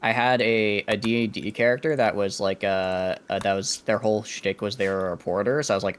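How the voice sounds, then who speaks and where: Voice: low-pitched, brisk, hardly any pauses, a little hiss or hum. A co-streamer chatting casually during a game, rambling and joking at their own expense. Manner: chatty, self-mocking, rambling.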